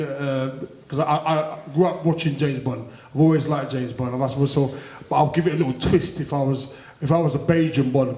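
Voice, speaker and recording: Cockney comedian hosting a live show. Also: male voice, on the high side, a little mellow. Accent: Cockney London. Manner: chatty, playful, uses slang. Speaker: stand-up comedian and host. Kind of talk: stand-up comedy. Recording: echoey live room with audience.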